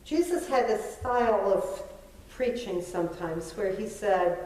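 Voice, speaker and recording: A middle-aged woman pastor preaches in a slow, conversational way, mixing self-deprecating asides with emphatic points. Her voice is picked up from a distance and rings through a very reverberant church sanctuary. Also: mid-range voice, animated, darkish tone. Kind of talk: sermon. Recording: very echoey church from far off.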